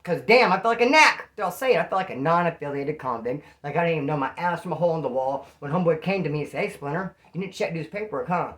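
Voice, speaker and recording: A man from Bakersfield, California, telling a prison story in casual, animated street slang. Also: fairly high pitch, racing, hardly any pauses.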